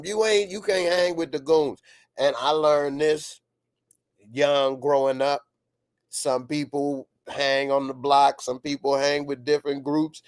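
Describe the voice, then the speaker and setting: A man reviewing a TV episode for his channel speaks a little slowly in a smooth, slightly high voice, reacting casually and excitably with frequent laughter and the occasional shout. The recording is studio quality with no room sound.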